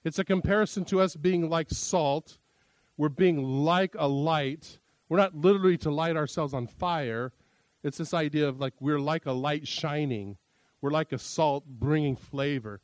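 A man's voice: a little high, a little slow, no room sound. A middle-aged male pastor teaching a sermon in a conversational, jokey way, acting out quoted lines. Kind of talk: sermon teaching on interpreting scripture.

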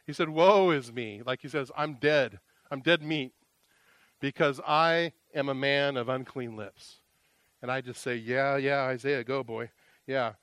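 A man preaching a sermon as pastor, earnest and emotional, rising to loud exclamations and dropping to hushed, confessional tones. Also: medium pitch, a little slow, no room sound.

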